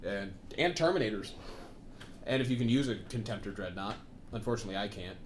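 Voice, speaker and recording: A man's voice: on the low side, lively intonation, fairly quick, a little hiss or hum. A man co-hosting a casual tabletop gaming chat, talking in rambling runs with lots of fillers and asides. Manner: rambling, many fillers and asides, laughs often. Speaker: co-host.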